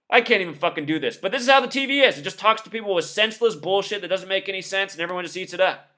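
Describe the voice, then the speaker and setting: Rapid-fire and expressive, this male video commentator talks over news clips with a high voice and a sharp tone. His monologue is scornful and emphatic as he lists numbers in succession.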